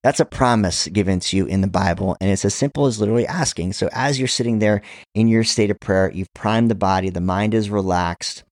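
Guy with a lowish voice talking u through breathing counts, dry close sound. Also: fast, no room sound. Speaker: podcast host. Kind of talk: coaching talk on breathing and prayer.

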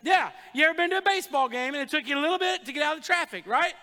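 Male pastor, chatty joking sermon style, high voice, long hall reverb. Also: lively intonation, sharp tone. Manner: joking, conversational preaching with quick asides to the crowd. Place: church sanctuary.

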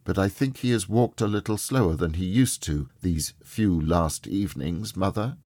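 A man reading the part of a quiet, thoughtful teenage boy who speaks softly and hesitantly. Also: sits low, normal speed, no echo, studio quality. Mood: subdued.

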